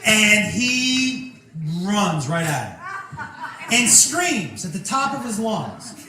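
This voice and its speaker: High, lively male comic on stage. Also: slow. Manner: loud and animated, shouting punchlines and laughing through the story. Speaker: stand-up comedian. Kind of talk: stand-up comedy set. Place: stage before a live audience. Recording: echoey venue recording from a distance, noisy.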